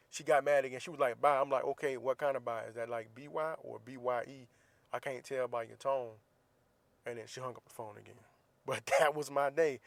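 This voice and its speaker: Man, podcast host, casual storyteller, mid pitch, dry close recording. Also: no echo. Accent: US Southern. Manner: storytelling, teasing, acts out quoted dialogue; earnest, advice-giving.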